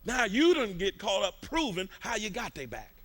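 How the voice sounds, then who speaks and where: A man preaching a fervent sermon in a colloquial, repetitive style, rising to shouts at its peaks. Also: sits high, sing-song, moderate pace.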